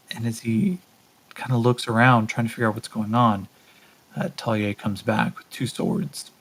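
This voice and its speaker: A man narrates his solo tabletop game in a husky voice at an everyday middle pitch. He thinks aloud, calls his dice rolls and fills gaps with relaxed fillers. His delivery is casual and unhurried. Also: rough recording. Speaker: game master.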